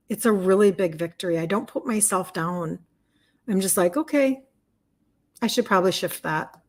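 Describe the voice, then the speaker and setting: A health and wellness coach in her fifties speaks at a mid-range pitch and moderate pace. She chats in a heartfelt, open way on a livestream while reading viewer comments.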